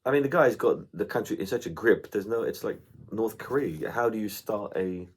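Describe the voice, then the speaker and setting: Animated and slightly breathy, this man's low-leaning voice moves at a moderate pace. As a podcast co-host, he's a chatty storyteller who swears freely in casual conversation.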